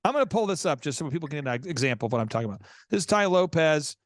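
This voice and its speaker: Lively high-voiced male podcast host. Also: rapid-fire, dry recording, studio quality. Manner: energetic, acts out both sides of conversations. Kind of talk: animated storytelling.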